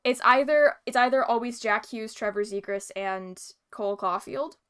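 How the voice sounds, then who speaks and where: A woman's voice: a little high, moderate pace, fairly bright tone, clear, resonant tone. A young woman from British Columbia, a guest on the show, chatting casually and rambling with lots of fillers. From British Columbia, Canada. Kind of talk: casual chat.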